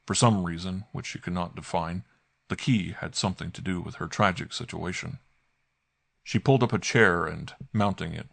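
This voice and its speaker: A man reads a mystery audiobook in an even, measured manner. His very low voice carries a gravelly edge. The sound is close and completely dry. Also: no echo. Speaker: audiobook narrator. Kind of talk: scripted narration.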